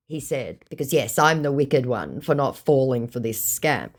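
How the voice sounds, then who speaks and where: A woman's voice: low-pitched, animated, moderate pace, darkish tone. A woman reading out her text chats with a scammer in a sarcastic, mocking tone, firing off dry, withering put-downs.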